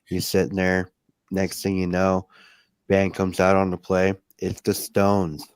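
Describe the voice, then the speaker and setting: A man's voice: low voice, monotone, unhurried, clear, resonant tone, no echo. A man on a live stream, telling upbeat anecdotes and checking in with "right?". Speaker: co-host. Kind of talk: casual chat.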